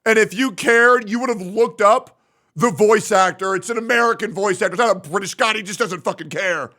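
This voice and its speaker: A man's voice: high-pitched, a little fast, sharp tone. A man streaming and reacting to a video, talking in a sarcastic, mocking, crude way. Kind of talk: casual stream commentary.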